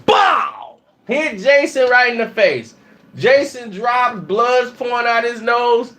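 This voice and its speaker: A man telling a funny story, laughing often and acting out the people in it with shouted lines. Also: extremely high pitch, expressive, slow pace. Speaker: channel host telling a story. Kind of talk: animated comic storytelling.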